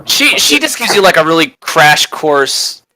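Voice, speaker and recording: A man's voice: on the high side, very animated, measured pace, over music, poor audio. A young man narrating a tabletop game as game master, casual and laid-back with frequent fillers.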